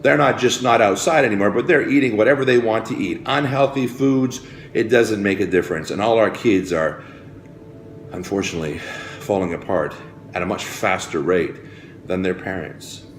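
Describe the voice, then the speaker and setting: Male motivational speaker, low voice, roomy sound, preachy and rousing by turns. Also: normal speed, slight background noise. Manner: preachy, repetitive, swings from hushed to rousing. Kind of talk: motivational speech. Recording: roomy with faint music behind.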